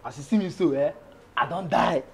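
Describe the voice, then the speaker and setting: A lovestruck greedy houseboy in Pidgin. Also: male voice, fairly high pitch, fairly quick, a little mellow, husky. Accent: Nigerian Pidgin. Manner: rambling, theatrical pleading, repeats himself. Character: comic young male houseboy, greedy and lovestruck. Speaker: actor playing a lovestruck, food-obsessed houseman named Friday. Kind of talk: Nollywood film acting.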